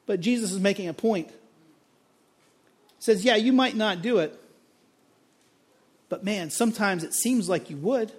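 A man's voice: sits high, lively intonation, normal speed, pauses often. A male pastor preaching a sermon on a parable, acting out the characters' lines with dramatic emphasis.

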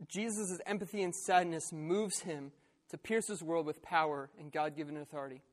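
A man preaching a sermon in an earnest, conversational way. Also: on the high side.

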